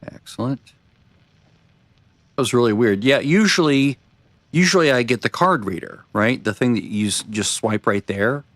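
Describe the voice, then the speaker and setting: A man's voice: medium pitch, animated, moderate pace, fairly bright tone, no room sound. A man streaming a video game, talking through it in rambling, self-deprecating casual commentary.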